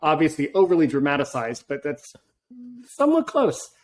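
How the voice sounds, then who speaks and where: Talky male podcast host, kinda high voice, wanders off on tangents. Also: sing-song, moderate pace, a little mellow, slight background noise. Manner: rambling, goes off on tangents. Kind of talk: casual interview chat.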